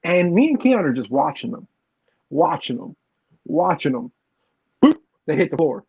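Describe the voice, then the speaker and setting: A man co-hosting a podcast, chatting casually and telling animated stories with lots of laughter. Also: a little high, moderate pace, creaky, slightly rough, highs cut off. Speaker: podcast co-host. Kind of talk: casual chat.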